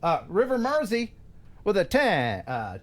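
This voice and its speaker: A man's voice: high-pitched, measured pace. A man hosting a live stream, joking around and reading chat messages. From USA. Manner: joking, animated. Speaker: host.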